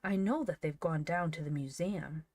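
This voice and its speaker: A woman voicing an excitable, indignant young boy who shrills and cries out in a storybook reading. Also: low voice, normal speed, dry recording. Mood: excited, indignant.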